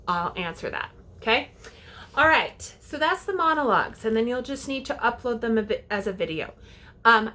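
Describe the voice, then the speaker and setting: A woman's voice: mid-range voice, a bit bright. A woman directing a youth theater, giving casual, chatty audition instructions to parents and kids, often checking in with "okay?".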